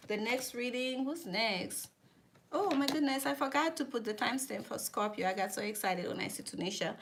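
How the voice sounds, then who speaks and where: A woman's voice: fairly high pitch, slight background noise. Chatty woman reading tarot live. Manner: chatty, repeats herself, warm thanks to viewers. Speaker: tarot reader.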